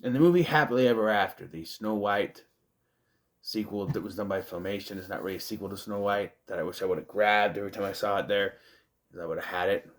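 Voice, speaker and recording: A man's voice: lowish voice, brisk. A man, casually reviewing a movie in a rambling, chatty way, with self-deprecating asides. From United States.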